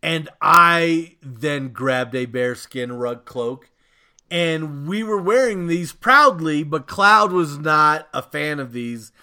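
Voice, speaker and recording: A man's voice: on the high side, animated, slow pace, sharp tone, smooth. A man co-hosting a casual podcast, telling rambling stories and swearing freely. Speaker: podcast co-host.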